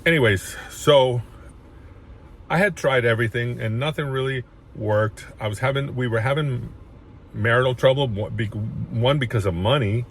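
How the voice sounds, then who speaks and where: A man's voice: medium pitch, moderate pace, slight background noise. A man casually telling his own life story, rambling with frequent restarts and getting emotional at points. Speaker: chiropractor sharing his story.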